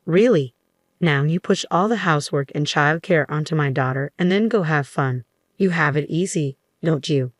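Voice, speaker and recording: A man's voice: a little high, normal speed, no room sound, clean studio sound, natural voice. A woman reading the lines of a stern older man, a company boss who bluntly scolds his son-in-law. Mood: scolding.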